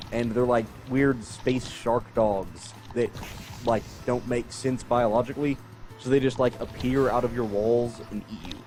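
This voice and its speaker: Casting: man, gaming podcast co-host, rambling wry chat, average pitch, music faintly under. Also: a little mellow.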